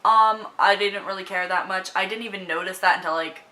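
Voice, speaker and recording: A woman's voice: medium pitch, steady tone, a little fast, sharp tone, rough recording. A young woman vlogging about a movie, emotional and close to tears, gushing with lots of fillers and restarts. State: tearful, on the verge of crying. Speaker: book vlogger. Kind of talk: casual movie review vlog.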